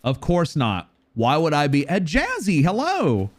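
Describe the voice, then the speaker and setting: A man streaming a video game live, chatting playfully and rambling, sometimes loud and sometimes mumbling. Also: on the high side, huge pitch swings, unhurried. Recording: faint music behind the voice.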